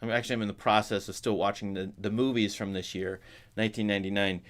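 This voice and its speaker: Man, low voice, casual film commentary, rambling, loose. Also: fairly even intonation, quick pace, a bit bright. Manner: rambling, full of restarts and asides. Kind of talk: casual talk to viewers.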